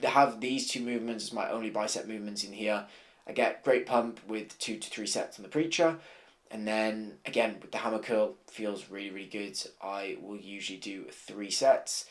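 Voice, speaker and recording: A man, talking casually as a vlogger and bodybuilder, relaxed and rambling, swearing offhand. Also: lowish voice, no echo. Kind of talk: casual vlog chat. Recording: loud car and street noise behind.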